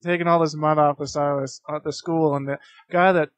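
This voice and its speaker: A man's voice: on the high side, fairly even intonation, fairly quick, dry recording. Laughing young man telling stories. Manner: rambling, laughs often between phrases; many fillers and restarts. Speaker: interview guest, competitive gamer. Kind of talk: casual storytelling interview.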